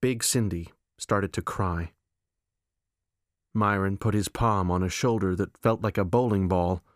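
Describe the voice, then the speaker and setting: Slow, deadpan man reading a novel. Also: deep voice, no echo, clean studio sound. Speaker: audiobook narrator. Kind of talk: scripted narration.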